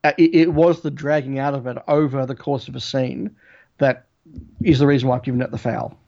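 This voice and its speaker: A man co-hosting a podcast, giving a measured, thoughtful opinion of an episode. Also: mid-range voice, fairly even intonation, gravelly. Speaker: podcast co-host. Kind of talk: casual review chat. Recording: dull lo-fi audio.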